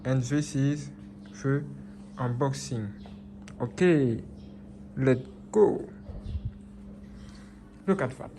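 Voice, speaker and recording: A man's voice: medium pitch, extremely slow, pauses often, warm tone, slight background noise, poor audio. A man filming an unboxing vlog on a phone, exclaiming in disbelief and repeating himself. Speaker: vlogger. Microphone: phone camera.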